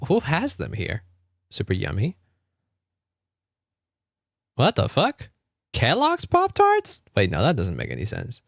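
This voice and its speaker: A man's voice: lowish voice, vocal fry, no echo, studio quality. A young man streaming a game from home, chatting casually, swearing freely and laughing often. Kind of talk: casual gaming livestream chat.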